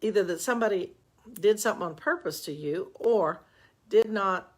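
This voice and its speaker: A woman's voice: medium pitch, moderate pace. An older woman, a relationship coach, giving chatty, folksy advice on a live stream with self-mocking asides, into a webcam.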